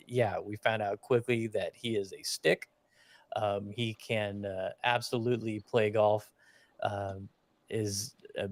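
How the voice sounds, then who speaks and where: A man's voice: on the low side, no room sound. A man hosting a podcast in a casual, jokey chat, laughing along easily. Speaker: podcast host.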